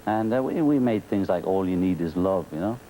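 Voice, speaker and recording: Laid-back Liverpool man with a dark voice. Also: deep voice, a little fast, slight background noise, low-quality recording. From England. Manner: relaxed, wry, laughs often. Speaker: guest. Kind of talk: casual talk show chat. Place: television studio.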